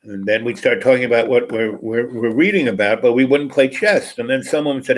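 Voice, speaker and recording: A man's voice: medium pitch, brisk, low-quality recording. Rambling man telling a story. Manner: rambling, many fillers and restarts. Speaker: host. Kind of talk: casual anecdote telling.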